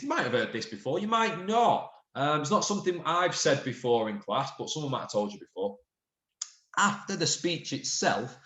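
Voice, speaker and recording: A man's voice: mid-range voice, a bit bright, echoey room. A man teaching a recorded lesson, patiently explaining and reading out example sentences with changing emphasis. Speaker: primary school teacher.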